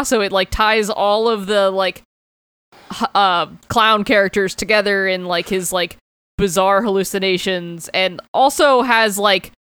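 A man's voice: high-pitched, bright, forceful tone, smooth, no room sound. A man co-hosting a casual podcast, rambling with fillers, laughing often and swearing casually. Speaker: podcast co-host. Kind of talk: casual comic book chat.

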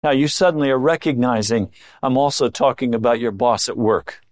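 A middle-aged male pastor preaching a sermon, swinging between low intimate tones and raised emphatic lines. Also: a little fast, no room sound.

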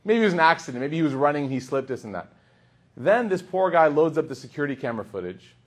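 A man acting as a religious teacher delivers a humorous storytelling sermon, voicing the people in his story in an animated way. His voice is on the high side, and he speaks at a quick pace.

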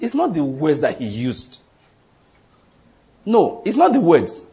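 A male preacher with a high, lively voice delivers a sermon. He talks emphatically, repeats his points, and acts out the people he quotes. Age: adult, goes to the gym.

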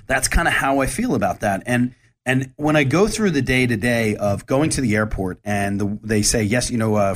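A man's voice: mid-range voice, husky. Candid rambling man in his forties. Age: 40s. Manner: candid, rambling, conversational with frequent restarts. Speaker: show host. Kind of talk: casual monologue.

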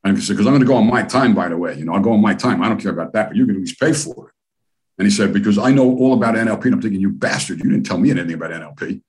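A man's voice: lowish voice, rapid-fire. An older man from the United States telling long, profane, rambling stories as an interview guest. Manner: profane, rambling, animated storyteller. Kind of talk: casual storytelling interview.

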